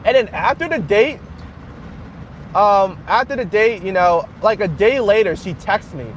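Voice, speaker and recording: A man's voice: high-pitched, animated, unhurried, a little hiss or hum. A man live-streaming from his car as he drives, chatting casually in a rambling way and laughing often. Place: in a car while driving.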